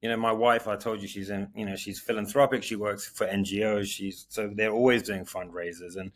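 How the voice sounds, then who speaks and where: A man's voice: fairly low pitch, little pitch movement, fairly quick. A man, a guest artist talking earnestly and rambling, often repeating words. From London. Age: 40s. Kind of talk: casual interview chat.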